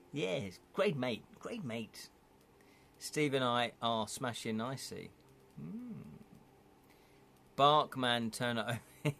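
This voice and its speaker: Slow-talking man reading a gamebook. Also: medium pitch, a bit bright. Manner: chatty, laughs often, reads aloud with asides. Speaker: streamer reading an interactive gamebook. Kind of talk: live-streamed gamebook reading and viewer chat.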